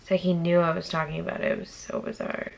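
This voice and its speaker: A woman's voice: lowish voice, flat delivery, quick pace, vocal fry. A young woman from Massachusetts telling a casual storytime vlog, chatty and profane, with whispered asides. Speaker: YouTuber.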